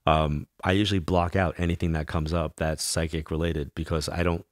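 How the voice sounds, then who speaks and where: Deep-voiced guy on a talk show, animated storyteller, dry close sound. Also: brisk, dry recording. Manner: animated storyteller who acts out quoted voices. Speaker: psychic medium guest. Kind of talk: casual interview storytelling.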